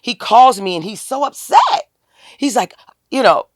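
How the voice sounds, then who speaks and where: A woman, a guest on an interview podcast, telling a personal story in a casual, animated way and acting out the quoted dialogue with a lifted voice. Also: on the high side, normal speed, no room sound, clean studio sound. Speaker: podcast guest, tax business owner.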